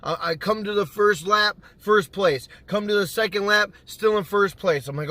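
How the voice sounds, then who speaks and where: A man telling a gaming story to camera in a casual, animated way, swearing freely and acting out what he said back then. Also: high-pitched, moderate pace, hardly any pauses, no echo. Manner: animated, swears freely, acts out his own past lines. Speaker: gaming YouTuber.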